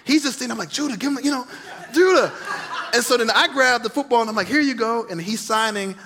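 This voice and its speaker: A man, a pastor, preaching a sermon in an animated storytelling way, swinging from loud, passionate lines to hushed asides. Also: extremely high pitch, quick pace, noisy background.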